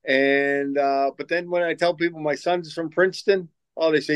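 Answering an interviewer, an older man who once coached basketball spins rambling stories, repeating words and acting out what others said. His voice is a little high, smooth and steady, at a moderate pace with few pauses. It's a dry, low-quality recording.

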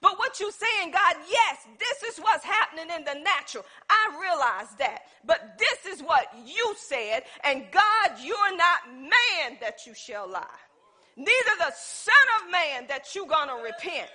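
High, bright-voiced woman preaching. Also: measured pace. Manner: animated, playful, acts out little scenes. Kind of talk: sermon.

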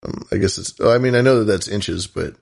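A man with a low, gravelly voice hosts a podcast in loose, casual chat. He rambles playfully and restarts his sentences often. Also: brisk, a little mellow. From US West Coast. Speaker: podcast host.

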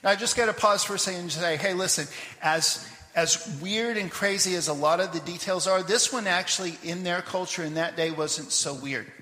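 A man preaching a sermon, telling a scripture story in a lively way with asides to the congregation; he grew up in Papua New Guinea. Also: high voice, moderate pace, reverberant, big-room sound. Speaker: pastor. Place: church sanctuary.

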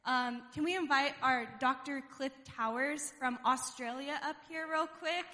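A woman's voice: sits high, a little slow, bright, forceful tone, in a large hall, a little hiss or hum. A woman youth leader leading a fervent prayer and church announcements, repeating God between phrases. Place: church sanctuary.

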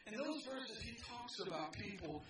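A man's voice: sits high, lively intonation, normal speed. A man preaching to a picnic crowd at a park, talking in a loose, conversational way with joking asides to his listeners. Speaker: pastor. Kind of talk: outdoor sermon. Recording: distant mic with crowd noise.

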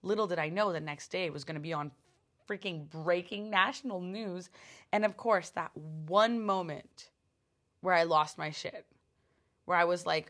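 A woman hosting her own podcast, telling a personal story in a casual, animated way, with lots of swearing, fillers and restarts. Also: on the low side, normal speed. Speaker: podcast host.

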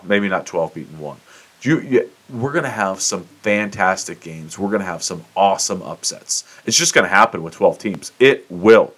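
Man, lowish voice, profane, fired-up solo podcast rant. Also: fairly bright tone. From United States. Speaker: podcast host. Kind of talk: solo opinion monologue.

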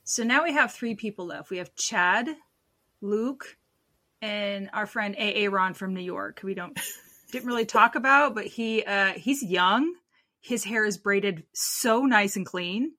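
A woman co-hosting a podcast, recounting events in animated casual chat that trails off quietly at the ends of thoughts. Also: mid-range voice, a little slow, no echo, clean studio sound. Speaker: podcast co-host.

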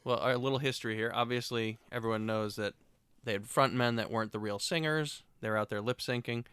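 A man's voice: medium pitch, fairly even intonation, fairly quick, fairly bright tone, clean tone, no echo. A man co-hosting a casual podcast, telling stories and tossing in dry, matter-of-fact quips. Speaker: podcast co-host. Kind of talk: casual chat.

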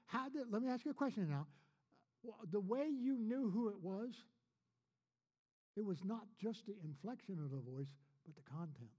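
Give me a pastor preaching in a folksy way, his voice high and mellow. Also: lively intonation, normal speed, highs cut off. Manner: folksy, repetitive, rhetorical questions. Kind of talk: sermon.

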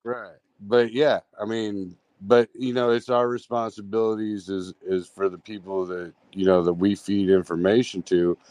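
A man's voice: fairly low pitch, flat delivery, normal speed, few pauses, a little mellow, dry recording. A man co-hosting a casual call-in talk show, rambling in a laid-back way and laughing along with his partner.

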